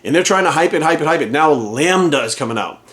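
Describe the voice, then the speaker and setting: A man with a fairly high voice rants to camera, heated and profane throughout. He drives every point home with repetition and blunt emphasis, talking like a fitness coach who has had enough. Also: expressive, fast, fairly bright tone. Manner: heated, profane, emphatic, repeats phrases for force. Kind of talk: ranting monologue to camera.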